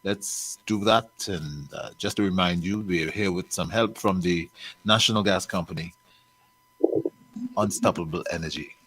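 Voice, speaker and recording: A man hosting a radio chat, his voice sitting a little low. He talks in an animated way, chuckling often and swinging between loud and soft. He is heard through a studio microphone. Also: normal speed, rough recording. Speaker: radio host.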